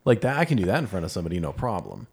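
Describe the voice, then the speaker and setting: A man with a somewhat low voice co-hosting a podcast. He tells stories frankly and plainly, replaying whole conversations and swearing casually along the way. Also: wildly swooping pitch, very fast, vocal fry, darkish tone, breathy edge. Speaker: podcast co-host. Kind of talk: casual storytelling chat.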